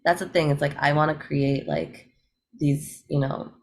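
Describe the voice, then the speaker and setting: With a low voice that swings widely in pitch, an American woman speaks unhurriedly as a guest on an interview show. The eco-rapper is chatty and upbeat, laughing often and filling her speech with fillers.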